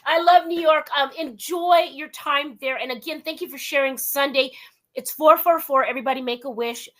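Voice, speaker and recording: High-voiced, animated woman talk host. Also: normal speed. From Southern California. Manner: animated, laughs often, calls guest "dear" and "girl". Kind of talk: casual interview chat.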